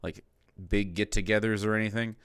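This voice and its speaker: A man's voice: on the low side, steady tone, fairly quick, fairly bright tone, clear, resonant tone, no echo. A man streaming, reacting to a cooking video in casual, profane commentary that keeps tipping into exasperated ranting.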